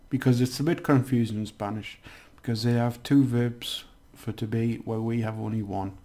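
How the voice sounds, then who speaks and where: A man's voice: mid-range voice, steady tone, moderate pace, hardly any pauses, dark tone. A man giving a casual language lesson, chatty and rambling with many restarts. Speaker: language teacher.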